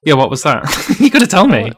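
A man's voice: a little high, wildly swooping pitch, fast talker, slightly rough. A man narrating a tabletop role-playing game as game master, casual and full of fillers, laughing often.

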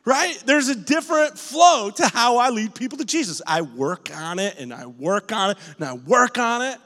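A man pastor preaching a lively sermon in a church auditorium, telling stories with emphasis and rising to shouts. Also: very high voice, normal speed, in a large hall. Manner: emphatic, storytelling, rises to shouts.

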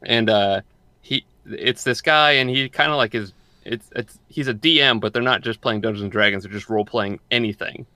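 A man's voice: on the low side, normal speed, bright, forceful tone, dry recording. A young man co-hosting a podcast, chatting casually and rambling, often repeating and restarting his words. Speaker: podcast co-host.

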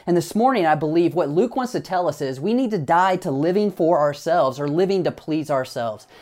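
A man's voice: fairly high pitch, lively intonation, fairly quick, darkish tone. A male pastor preaching a sermon in a conversational, emphatic way, with casual asides.

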